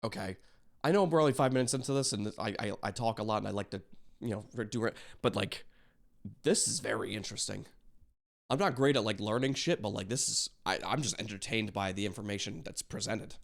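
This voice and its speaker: A man's voice: lowish voice, brisk, vocal fry. A man reacting to a video, chatting casually with lots of fillers, swearing and restarts. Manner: rambling, swears often, frequent fillers.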